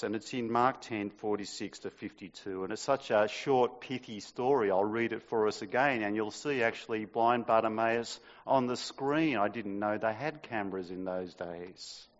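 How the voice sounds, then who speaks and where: A man's voice: on the low side, moderate pace, hardly any pauses. A man preaching a sermon in a church, reading scripture and raising his voice dramatically on the quoted cries. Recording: dull sound in a long-reverb hall.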